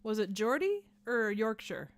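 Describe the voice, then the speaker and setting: A woman's voice: on the high side, sing-song, measured pace, dry recording. A woman hosting a livestream, chatting casually and rambling as she reads out the chat. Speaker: livestream host.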